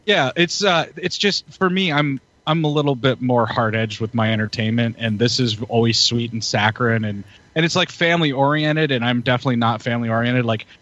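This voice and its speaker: A man's voice: medium pitch, a little fast, fairly bright tone, no echo. Hyped, laughing man in casual chat. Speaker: podcast co-host. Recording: muffled lo-fi audio.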